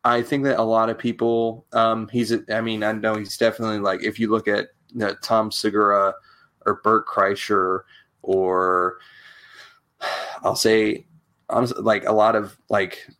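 A man's voice: on the low side, level tone, measured pace, a bit bright. A man, a comedian guest, chatting casually in a loose, laid-back way, full of fillers. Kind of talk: casual chat.

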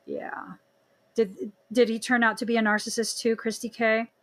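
A young woman hosting a podcast in casual chat, expressive, with frequent laughs and exclaimed reactions. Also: fairly high pitch, normal speed. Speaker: podcast host.

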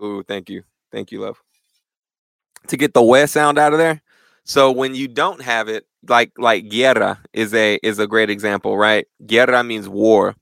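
Young dude guest on a church podcast, super casual, bro-talk, dry close sound. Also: male voice, on the low side, a little slow, vocal fry, no room sound. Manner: animated, slangy, says "bro" a lot. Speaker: church member interview guest. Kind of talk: casual chat.

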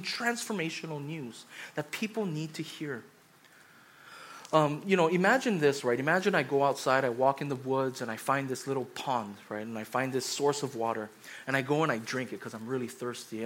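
A man in his thirties, a pastor giving a sermon, telling stories in a chatty way and rising to loud urgent pleading. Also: fairly high pitch. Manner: conversational preaching, swings from quiet storytelling to loud urgent pleading.

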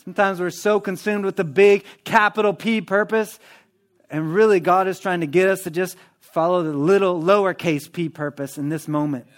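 A man preaching a sermon in a church, in a lively, conversational manner that acts out everyday prayers. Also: high-pitched, moderate pace. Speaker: pastor.

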